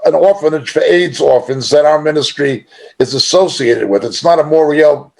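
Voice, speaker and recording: A man's voice: fairly high pitch, normal speed, gravelly. A middle-aged man teaching an informal sermon in a conversational, emphatic way, chuckling now and then. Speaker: Bible teacher.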